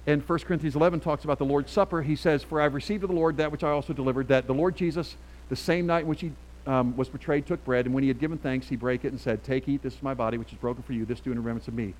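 A middle-aged man preaching a sermon as pastor, emphatic and swinging from quiet asides to loud calls. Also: medium pitch, steady tone, very fast, rough recording.

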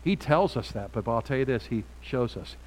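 A man preaching a sermon from a Bible passage, talking in a halting way with many restarts and frequent rhetorical "right?"s. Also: medium pitch, animated, low-quality recording.

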